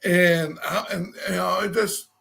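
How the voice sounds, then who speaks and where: Gravelly, bright-voiced man telling stories. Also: high voice, fairly even intonation, unhurried. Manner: rambling, self-deprecating, restarts and laughs. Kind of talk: casual storytelling chat.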